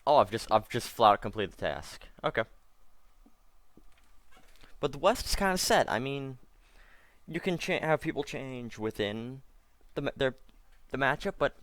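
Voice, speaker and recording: A man's voice: mid-range voice, lively intonation, unhurried, long pauses, a bit bright, no room sound. A man doing casual let's-play commentary, rambling and correcting himself, with wry asides. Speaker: gameplay commentator.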